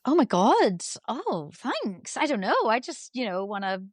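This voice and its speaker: A woman's voice: on the high side, sing-song, a little slow, no room sound. A woman guest on a podcast, chatting in a bubbly, rambling, self-deprecating way. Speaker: guest, dressage rider. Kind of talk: casual chat.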